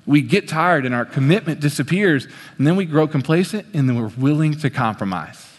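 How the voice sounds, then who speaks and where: High-voiced young man preaching in a reverberant hall. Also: brisk. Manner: animated, acts out quoted voices with big pitch swings. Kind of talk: sermon. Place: on a stage in a large hall.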